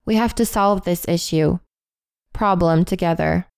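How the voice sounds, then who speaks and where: A woman reading a list of English phrases in a calm, measured way, with deliberate pauses between them. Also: lowish voice, vocal fry, smooth, no room sound, clean studio sound. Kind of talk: slow read-aloud phrase list.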